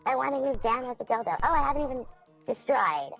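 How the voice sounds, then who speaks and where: Brash, mocking woman with a high voice. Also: animated, fast talker, vocal fry, a bit bright, soft background music. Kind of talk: crude teasing phone banter.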